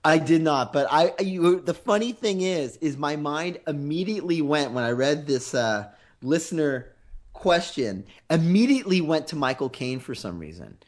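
A man's voice: on the high side, lively intonation, moderate pace. A man co-hosting a podcast in casual chat, joking around and hesitating with fillers. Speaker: podcast co-host.

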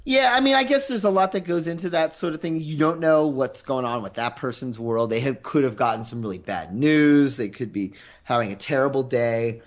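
A man's voice: mid-range voice, a little fast, hardly any pauses. A man in casual podcast chat, telling rambling anecdotes with a chuckle.

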